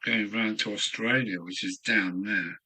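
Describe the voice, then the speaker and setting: A man's voice: fairly low pitch, steady tone, a little slow, pushed and bright, rough recording. An older man from England, musing aloud to himself in a rambling live-stream chat from his home hobby room. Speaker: model railway streamer.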